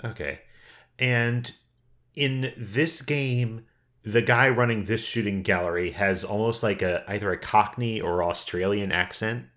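A man's voice: lowish voice, unhurried, fairly bright tone. A man co-hosting a casual podcast chat, talking in a meandering way and often restarting his thoughts. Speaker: podcast co-host.

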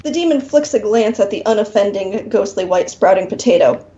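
A woman narrating an interactive fiction game aloud for her co-hosts, in an expressive reading style, on a slightly dull recording. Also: mid-range voice, brisk.

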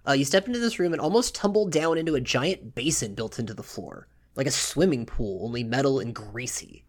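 A man narrating a tabletop game as game master, relaxed and halting, with many fillers. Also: medium pitch.

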